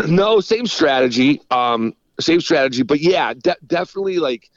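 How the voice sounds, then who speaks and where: A man, a fishing guide, talking in a rambling, relaxed way on a casual phone interview, swearing now and then. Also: fairly high pitch, normal speed, no room sound, highs cut off. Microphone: phone call.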